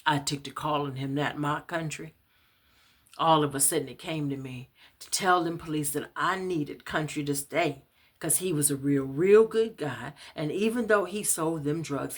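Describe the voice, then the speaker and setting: Soft-spoken woman reading her own story. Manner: unhurried, conversational, soft and low at times, stops to find her place. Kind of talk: first-person storytelling in Southern Black vernacular.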